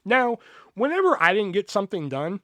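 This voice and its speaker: A man in his thirties telling work stories on a podcast, animated and full of swearing, acting out what people said. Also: high-pitched, moderate pace, no echo, clean studio sound. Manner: animated, swears a lot, acts out quotes. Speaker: podcast host. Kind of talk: casual storytelling.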